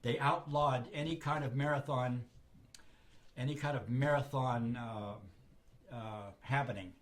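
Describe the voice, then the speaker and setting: An older man from Southern California casually telling a personal anecdote, acting out other people's lines in lively voices. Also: mid-range voice. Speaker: storyteller.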